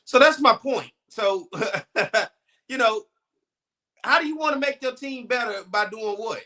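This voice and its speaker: A male co-host on a sports talk show pushes back skeptically on a coach's reasoning. His voice is high and animated. It has a bright edge. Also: unhurried. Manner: argumentative, skeptical.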